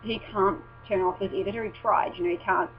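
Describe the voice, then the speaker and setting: A woman's voice: mid-range voice, fairly even intonation, brisk. Woman, casual vlog chat, rambling, swears a lot, muffled lo-fi recording, faint mains hum. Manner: rambling, sweary and self-interrupting. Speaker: vlogger.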